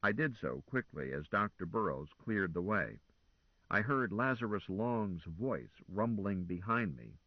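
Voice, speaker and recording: Expressive male audiobook narrator. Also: on the low side, a little slow, no echo, highs cut off.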